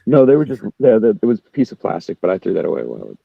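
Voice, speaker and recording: A man in casual chat, talking fast and cursing a lot, his pitch jumping up when he gets worked up. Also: wildly swooping pitch, creaky, slightly rough, no echo, narrow, tinny audio. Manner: profane, ranting, quick, jumps up in pitch when worked up.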